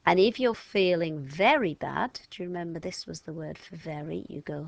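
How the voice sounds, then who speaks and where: A woman teaching a children's French phonics lesson step by step, patient and slow, modelling each sound aloud and stretching the words out. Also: lowish voice, gravelly.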